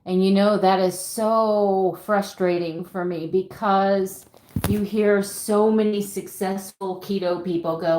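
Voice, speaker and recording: A woman's voice: mid-range voice, fairly even intonation, slow pace, roomy sound. A middle-aged woman vlogging live, earnest and openly emotional, sighing and greeting viewers as she reads their messages. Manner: frequent sighs and fillers, warm greetings to viewers. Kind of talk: livestream chat, reading viewer messages.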